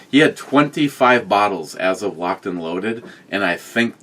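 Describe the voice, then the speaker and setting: A man's voice: sits low, expressive, moderate pace, few pauses, fairly bright tone. A man co-hosting a casual talk show, chatting and joking with a friend. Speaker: co-host. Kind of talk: casual chat.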